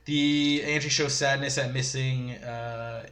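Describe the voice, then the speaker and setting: A man's voice: medium pitch, fairly even intonation, takes it slowly, a bit bright. A man giving a rambling, casual episode recap, full of fillers and chuckling asides. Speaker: show reviewer. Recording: roomy echo.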